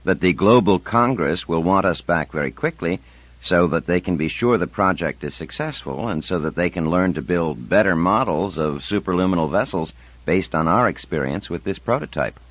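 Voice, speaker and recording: A man's voice: deep voice, animated, normal speed, no echo. A man reading an audiobook, voicing a confident, persuasive woman scientist in her fifties. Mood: determined. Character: confident, determined woman scientist over fifty. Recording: dull dry audiobook recording.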